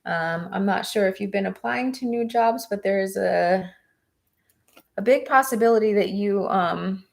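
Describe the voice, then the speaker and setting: Chatty woman tarot reader with vocal fry. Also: mid-range voice, unhurried. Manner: encouraging, chatty with viewers. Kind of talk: live-stream tarot reading.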